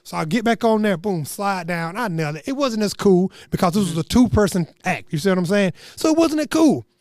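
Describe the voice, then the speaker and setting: Young guy, high voice, dry sound, animated slangy storytelling. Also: brisk, dry recording. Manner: animated, slangy, acts out quotes. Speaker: comedian storyteller. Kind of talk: comedic storytelling.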